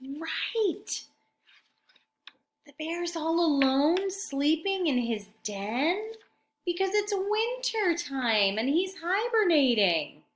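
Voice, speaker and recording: A woman's voice: very high-pitched, very animated, slow. A woman teacher reading a picture book aloud to young children, then asking them questions about the story in a sing-song way. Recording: roomy echo.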